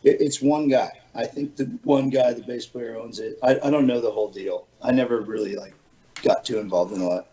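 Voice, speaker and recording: A man's voice: medium pitch, steady tone, a little fast, dark tone, muffled recording. A man from Florida, a podcast guest telling loose stories in casual chat, swearing now and then.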